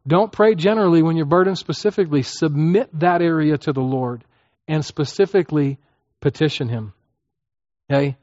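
Preaching in a conversational style, this man has a fairly high, somewhat mellow voice at an ordinary pace. The recording is dry, with the highs cut off. He keeps checking in with "okay?" and acts out prayers as he teaches.

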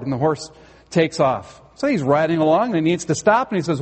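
A man's voice: high-pitched, sing-song, fast talker. A male pastor preaching a sermon in a church sanctuary, earnest and conversational, with a touch of storytelling humor. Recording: long hall reverb.

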